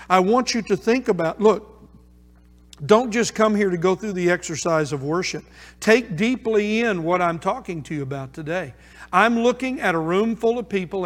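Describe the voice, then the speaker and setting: A male pastor preaches a sermon to a congregation, hammering his points home by repeating them. His voice sits notably high, and long reverb from the sanctuary trails after each phrase. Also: normal speed. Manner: emphatic, repeating phrases for stress. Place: church sanctuary before a congregation.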